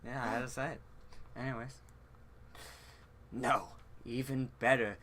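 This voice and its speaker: A man's voice: medium pitch, steady tone, unhurried, slight background noise. A young man hosting a let's play, reading a dating game's text aloud with jokes and silly voices. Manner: joking, loud bursts of laughter, reads lines in silly voices.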